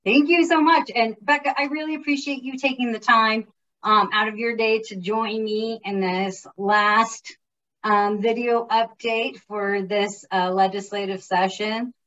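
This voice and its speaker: A woman's voice: fairly high pitch, steady tone, a little slow, a bit bright, far from the mic, lo-fi sound. A woman who directs public policy, chatting informally about the legislative process with many fillers and restarts. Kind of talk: casual informational chat.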